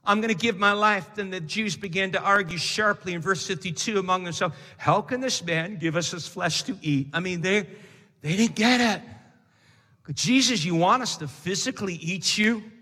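A man delivers a sermon to his congregation. His voice sits very high and rings bright as he climbs into shouted emphasis. The sound carries a long reverb from a large church hall. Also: moderate pace. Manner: preaching with rising, shouted emphasis. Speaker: pastor.

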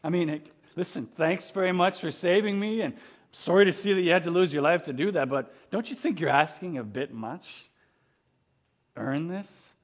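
A man's voice: a little high, normal speed, lightly acted. A man voicing a young male soldier who sounds ungrateful and flippant, talking in a casual, dismissive way.

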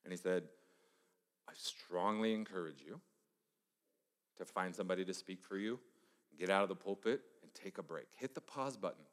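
A man's voice: low voice, moderate pace, pauses often. Male pastor preaching in an echoey hall. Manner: conversational, storytelling, drops to a hush for emphasis. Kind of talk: sermon. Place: church sanctuary.

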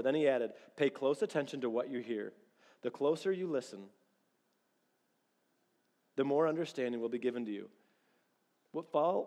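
A man preaching a sermon as pastor, telling lively stories and acting out bits of dialogue. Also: medium pitch, in a large hall. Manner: animated storytelling, acts out quoted dialogue.

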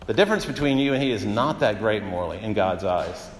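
A man's voice: fairly low pitch, animated, fast talker, long reverb tail, slight background noise. A man preaching a sermon as pastor, in a conversational way with frequent "uh" fillers and vivid everyday examples.

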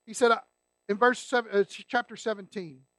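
Male pastor, very high pitch, emphatic sermon delivery with rhetorical questions. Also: fairly even intonation, brisk, fairly bright tone, no echo.

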